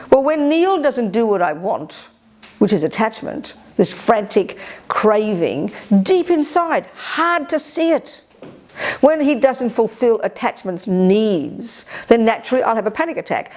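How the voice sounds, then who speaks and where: An older woman giving a Buddhist teaching at a retreat, animated and emphatic, slipping into other people's voices when she quotes them. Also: a little high, a little slow. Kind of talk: Dharma talk at a retreat.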